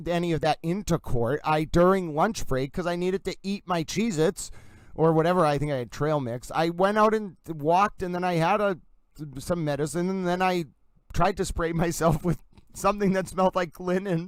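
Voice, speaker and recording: A young man hosting a casual livestream, chatty and excitable, rambling and wired from caffeine. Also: high-pitched, normal speed, no echo, rough recording. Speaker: livestream host.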